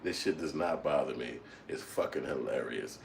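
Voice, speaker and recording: A man's voice: rumbling low, normal speed, vocal fry. A middle-aged man hosting a casual live stream, talking loosely and profanely, laughing often as he reads chat. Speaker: channel host reading live chat.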